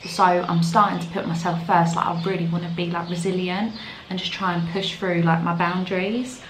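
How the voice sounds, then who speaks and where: Brief: young woman, London accent, lower voice, casual vlog chatter, echoey sound. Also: fairly even intonation, normal speed, faint music behind. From London, England. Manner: chatty, full of "like" fillers. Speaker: vlogger. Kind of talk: casual chat to camera. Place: outdoors in the evening.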